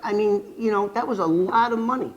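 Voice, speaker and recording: An older man vlogging about his past as an informant, telling it in a rambling, animated way with restarts and fillers. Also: a little fast, muffled recording. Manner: animated, acts out quoted dialogue with sharp jumps in pitch and loudness. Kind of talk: casual storytelling vlog.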